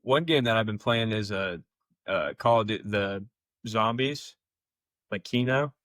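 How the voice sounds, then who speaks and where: A young man with a lowish voice telling rambling gaming stories on a podcast, stacking up "like" and "uh" as he goes. He is recorded close and dry, with no room sound. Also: unhurried, a bit bright, no room sound. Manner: rambling, filler-heavy storytelling. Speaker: podcast co-host. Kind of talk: casual storytelling chat.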